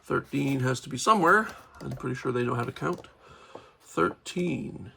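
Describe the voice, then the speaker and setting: Gravelly, bright-voiced man chatting. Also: medium pitch, expressive, moderate pace, a little hiss or hum. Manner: chatty, rambling, self-correcting. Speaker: toy reviewer. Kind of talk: casual unboxing commentary.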